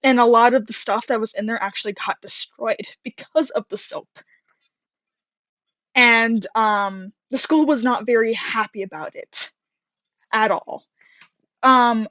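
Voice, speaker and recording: A woman's voice: on the high side, a bit bright, dry recording. Chatty young woman, dull dry recording. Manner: chatty, rambling, many fillers and laughs. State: out of breath. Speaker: storyteller. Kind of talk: casual story time.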